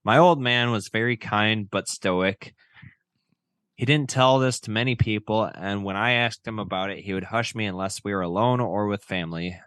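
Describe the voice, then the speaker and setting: Male podcast co-host, low voice, relaxed and jokey, dry close mic. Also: moderate pace, clean tone, no room sound. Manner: relaxed, joking, swears casually. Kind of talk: casual podcast chat and reading stories.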